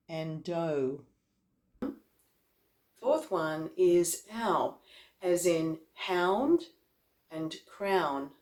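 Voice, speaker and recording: Woman vocal coach, slow and deliberate delivery, lower pitch, roomy echo. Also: a little mellow. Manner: slow, deliberate, demonstrates example words one by one. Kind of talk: instructional explanation.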